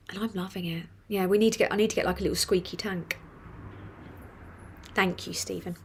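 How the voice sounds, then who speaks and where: A woman's voice: medium pitch, moderate pace, husky. A woman hosting a casual live stream, reading chat comments aloud with swearing and laughter. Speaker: livestream host reading chat.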